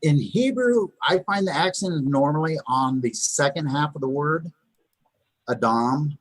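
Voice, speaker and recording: In a live online lesson from a Chabad house, a man with a slightly high voice teaches beginners' Hebrew at normal speed, with no echo. He patiently repeats and sounds out words, using many fillers and restarts.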